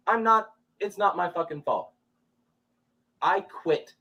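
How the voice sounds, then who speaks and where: Husky man, flat and curt. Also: high voice, a little slow, highs cut off. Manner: flat, even tone even while angry; curt one-liners. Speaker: partner in an argument. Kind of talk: heated domestic argument.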